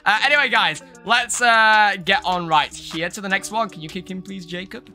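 A man's voice: high-pitched, moderate pace, pushed and bright, soft background music. A young man hosting a casual game livestream, chatty and laughing often. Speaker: livestream host.

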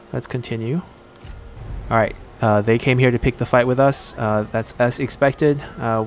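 A man giving casual let's-play commentary while he plays a strategy game, thinking aloud and pausing often on fillers. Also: mid-range voice, a little hiss or hum. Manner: thinks aloud, halting with frequent "uh".

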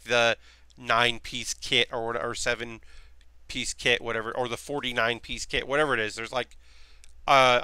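A man streaming live in casual chat, rambling and thinking aloud with frequent restarts, dropping to a quiet mutter while he works with his hands. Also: medium pitch, clear, resonant tone, dry recording. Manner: drops to a quiet mutter while focused on handiwork.

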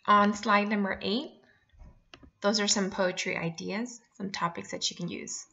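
A woman teacher giving a remote lesson, explaining clearly and slowing down to spell out each point. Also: medium pitch, fairly even intonation, sharp tone, muffled recording. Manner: clear and instructive, reads poems aloud, slows down to explain.

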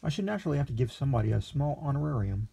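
Brief: man playing a condescending, grasping lawyer with a gravelly, dark tone. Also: mid-range voice, very animated, racing, full character voice. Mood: scheming. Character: greedy smooth-talking male city lawyer.

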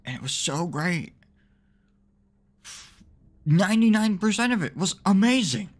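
A man commentating his own gameplay, swearing and mocking himself in exasperated rants, with sudden high yelps when frustrated. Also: sing-song, unhurried. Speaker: let's play gamer.

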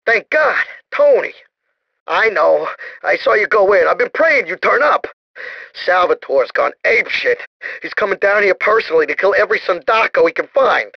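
A jittery, sleazy mobster wannabe from a crime video game. He rambles and whines in a gravelly, fry-edged voice. His pitch leaps all over the place as he frets and schemes. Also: bright, forceful tone, no room sound, lo-fi sound, exaggerated voice. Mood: urgent. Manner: whiny, panicky and fast-rambling. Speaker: game character.

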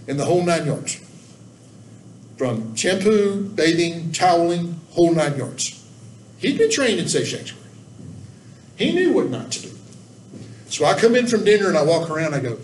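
Folksy man trainer in an echoey room. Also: on the high side. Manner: folksy, earnest, emphatic. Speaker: church volunteer trainer. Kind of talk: training talk with anecdotes. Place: church room. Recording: echoey room, distant mic, faint background noise.

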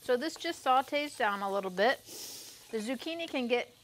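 Brief: cooking presenter, woman, higher voice, lively instructive manner, faint noise. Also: moderate pace. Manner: lively, laughs easily, gives kitchen instructions. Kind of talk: cooking demonstration chat.

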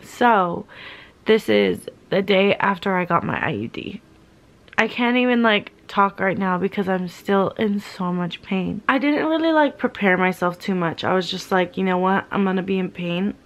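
A woman's voice: medium pitch, animated, moderate pace. A young woman telling a story to her vlog camera while still in pain, her voice worn and weary. She talks candidly and casually, with swearing and plenty of "like" filler. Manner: candid, swearing, heavy use of "like". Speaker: vlogger.

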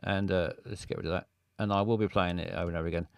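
Brief: a man hosting a stream, chatty and halting, close dry mic. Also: low-pitched, fairly even intonation, creaky, clean tone, dry recording. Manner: rambling and hesitant, many fillers. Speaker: streamer host. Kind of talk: casual live-stream chat.

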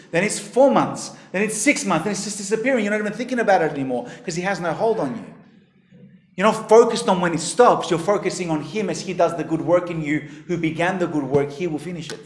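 A man preaching a sermon earnestly, rising to emphatic peaks and then dropping low and quiet. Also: brisk, roomy sound.

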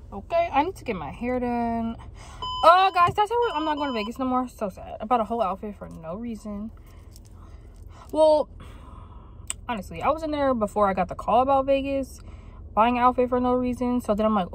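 A woman's voice: a little high, expressive, normal speed, pauses often, a little hiss or hum. A woman vlogging from her car, chatting and ranting casually in slangy everyday talk. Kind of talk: casual vlog chat. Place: in a car while driving.

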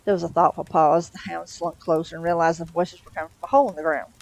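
A woman's voice: lowish voice, fairly even intonation, fast talker, vocal fry, a little mellow, rough recording. A woman reading a novel aloud in a casual way, with small stumbles and self-corrections. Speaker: storyteller.

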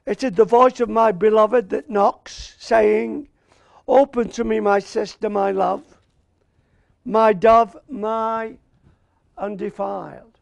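A man with an Australian accent preaching a sermon, slow and emphatic, repeating key words and asking for an amen. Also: high-pitched, steady tone, creaky, no echo.

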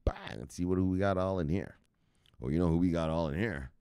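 A man hosting a crypto news stream, talking casually with slang and loud shout-outs, explaining things step by step. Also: sits low, fast talker, clean tone, dry recording, studio quality. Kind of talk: casual livestream talk.

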